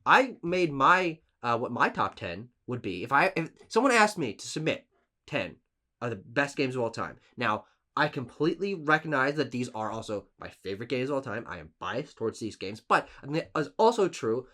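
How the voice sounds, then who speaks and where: A man chatting as co-host of a casual podcast, his voice bright and full of swings in pitch. He stresses words emphatically and restarts his sentences often. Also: normal speed. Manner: emphatic, animated list-giving with restarts.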